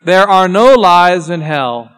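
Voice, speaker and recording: A man preaching a solemn sermon, grave and intense, often dropping to a hushed voice. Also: high voice, expressive, takes it slowly, clear, resonant tone. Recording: long church reverb with faint music.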